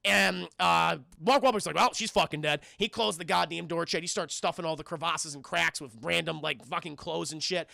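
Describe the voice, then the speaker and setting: A man streaming a casual, profane scene-by-scene film recap, animated and talking to his live chat. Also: on the high side, moderate pace, vocal fry, few pauses, no echo, studio quality.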